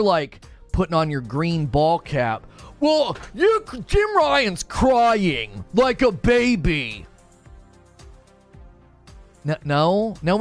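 A fairly high-voiced male streamer delivers heated gaming commentary. His pitch swings widely as he argues, turning sarcastic and mocking. Soft music plays faintly behind him. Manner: animated, sarcastic, mocks viewers in put-on voices.

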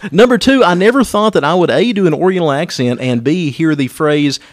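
A man's voice: fairly high pitch, lively intonation, brisk. A man hosting a podcast, casual and wry, joking with his guest. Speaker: podcast host.

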